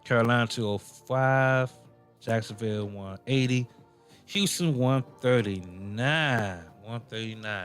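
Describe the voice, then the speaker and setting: A man's voice: mid-range voice, measured pace, a bit bright, faint music behind. A man hosting a casual sports radio show, rambling and playful, with many ums and self-corrections.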